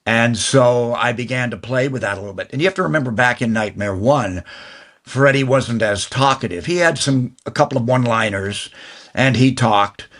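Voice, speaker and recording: An older man, a guest actor, telling long stories in an interview, talking fast and restarting phrases as he goes. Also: mid-range voice, fairly bright tone. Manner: fast, rambling talker who restarts mid-phrase. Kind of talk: anecdotal interview storytelling.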